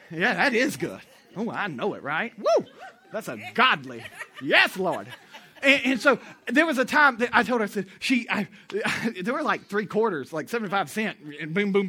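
A man preaching with a high, sharp, bright voice. He talks to the congregation in a loose, storytelling way, tossing out questions for them to answer back. His sermon feels like friendly conversation. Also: husky. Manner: call-and-response with the congregation; conversational, storytelling, with asides to the audience. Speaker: pastor.

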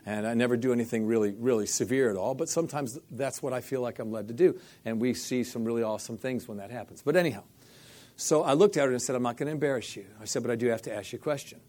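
Middle-aged man, storyteller, acts out every line of dialogue, mid-pitched voice. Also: fast. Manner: animated storyteller, acts out quoted dialogue, repeats "I said". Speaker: faith healing minister telling a story. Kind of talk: storytelling interview.

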